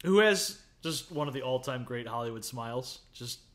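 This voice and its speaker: A man co-hosting a casual film review podcast, animated and quick to laugh, with jokey asides. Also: mid-range voice. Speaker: podcast co-host.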